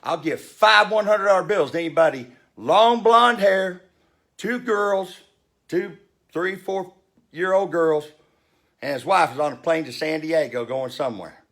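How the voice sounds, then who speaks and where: A man's voice: fairly high pitch, a little slow, a bit bright. A man in his fifties telling a story in a heated rant, blunt and profane. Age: 50s. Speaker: vlogger.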